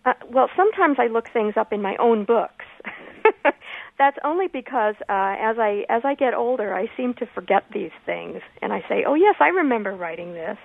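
A woman who writes about grammar, a guest on a radio call-in show, explaining usage in a measured, thoughtful way with short pauses. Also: on the high side, animated, creaky, no room sound. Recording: phone line.

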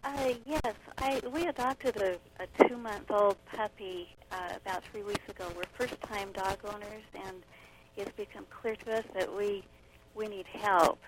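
A woman calls in to a radio show and asks for help, hesitant and halting. Her voice comes through under loud noise. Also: mid-range voice. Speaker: caller. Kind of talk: call-in question.

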